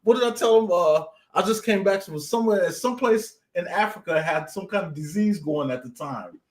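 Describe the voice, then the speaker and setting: A man's voice: high voice, animated, brisk, echoey room. A man co-hosting a casual live-stream chat, telling prank stories and laughing often. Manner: joking storyteller who laughs often. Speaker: co-host.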